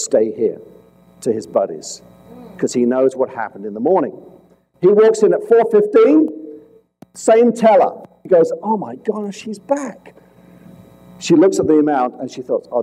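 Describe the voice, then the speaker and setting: A man investigating fraud, telling a case to police as a dramatic story with rhetorical questions, swinging between loud points and hushed asides. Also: on the high side, breathy edge, poor audio. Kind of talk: storytelling presentation to an audience.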